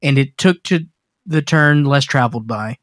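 A man's voice: mid-range voice, normal speed, no echo, clean studio sound. A man co-hosting a podcast, chatting casually about horror films in a rambling, joking way with many restarts. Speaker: podcast co-host.

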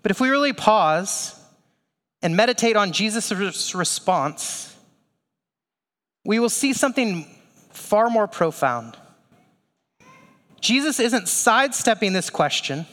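High-voiced man preaching in a reverberant hall. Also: expressive, slow pace, long pauses, a bit bright. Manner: conversational preaching with asides and rhetorical questions. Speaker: pastor. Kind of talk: sermon.

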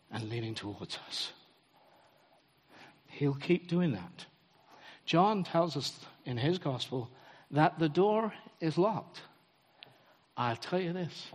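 A man preaching a sermon in a church, telling stories in an animated way and acting out the quotes. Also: mid-range voice. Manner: animated storytelling, acts out quotes. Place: church hall. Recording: long hall reverb.

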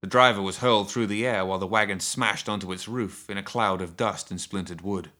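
A man narrating a story with a low voice. His reading is steady and measured. He paces each sentence evenly.

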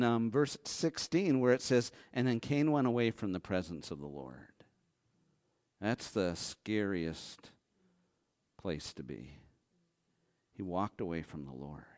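Animated male preacher. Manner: animated, acts out Bible characters in high excited voices; drops to a low hush for emphasis. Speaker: pastor. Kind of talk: sermon.

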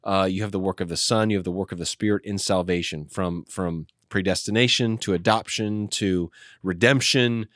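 A man with a fairly low voice teaches scripture as a pastor, talking through passages in an animated way and often restarting mid-sentence. The sound is dry and close, with no room echo. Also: normal speed. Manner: explanatory, animated, with frequent restarts. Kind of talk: teaching discussion.

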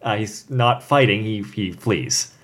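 A man's voice: fairly low pitch, slow pace, a bit bright. A man casually discussing a book chapter with friends, rambling and filling with "like" and "you know". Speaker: podcast co-host discussing a book.

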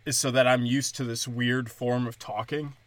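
A man's voice: mid-range voice, flat delivery, normal speed, dry recording. A man hosting his own comedy podcast, talking casually and rambling with frequent swearing from a small closet. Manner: rambling, profane, conversational. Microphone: headphones and studio mic.

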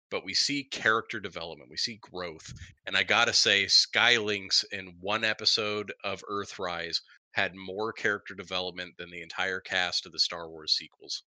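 Man, very bright tone, dry close sound, casual podcast chat, playful. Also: on the low side, no echo. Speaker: podcast co-host.

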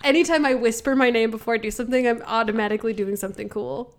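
A woman co-hosting a podcast, talking in a loose, giggly way and poking fun at herself. Her voice sits a little high, and she rambles along in easy casual chat. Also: steady tone, very fast. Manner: chatty, giggly, self-mocking. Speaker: podcast co-host.

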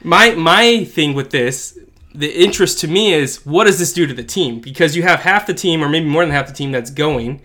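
Bright-voiced joking man co-host. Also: on the high side, moderate pace. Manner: jokey, animated, many "like" fillers. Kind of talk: casual podcast chat.

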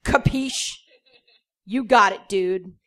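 A woman reading aloud and putting on a laid-back rocker man who speaks low and easy. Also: takes it slowly, a bit bright.

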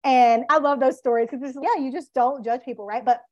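A woman co-hosting a podcast, giving business coaching in a fired-up, animated rant. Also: high-pitched, a little fast, no room sound, muffled recording. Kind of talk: casual podcast chat.

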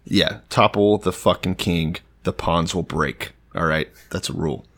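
A man from Texas co-hosting a podcast, retelling a Bible story in a profane, joking, animated way. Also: low voice, a little slow. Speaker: podcast co-host. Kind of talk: casual comedic retelling of Bible stories.

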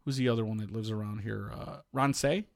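With a lowish voice and a fairly quick delivery, a middle-aged man co-hosting a podcast narrates a story conversationally, acting out the people in it with animated quoted voices. The audio is clean studio sound with no echo.

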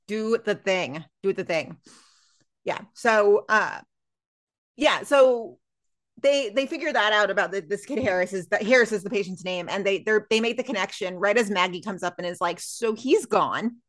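A woman's voice: mid-range voice, normal speed. A woman co-hosting a podcast, chatting casually and recapping a TV episode, quoting characters' lines as she goes. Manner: chatty, lively, retells scenes with quoted lines. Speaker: podcast co-host.

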